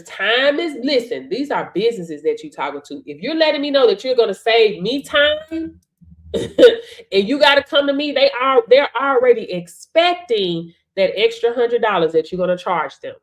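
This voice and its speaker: A woman's voice: fairly high pitch, animated, moderate pace. A woman business coach giving a live-streamed coaching talk, emphatic, punctuating points with "right?" and "Hello?" and calling on viewers.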